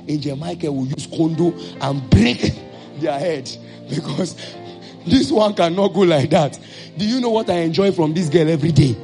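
Preaching a sermon in Nigerian-accented English, a man whose voice is on the high side acts out short dialogues and breaks into abrupt shouts.

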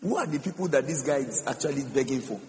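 A man's voice: mid-range voice, expressive, fast talker, darkish tone. A man preaching a sermon as pastor, emphatic, repeating phrases and singing some lines out. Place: church hall. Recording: reverberant hall with music behind.

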